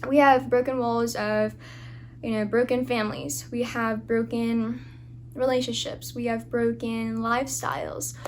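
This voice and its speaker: A woman with a fairly high voice gives an earnest, informal devotional talk, often restarting her sentences and leaning on fillers. A faint hum sits underneath her voice. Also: level tone, measured pace. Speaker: Christian devotional speaker.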